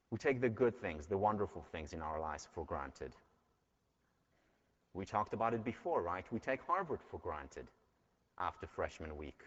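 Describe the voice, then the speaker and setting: Man, university lecturer, earnest storytelling, muffled sound, lecture hall. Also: low-pitched. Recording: dull lecture hall recording.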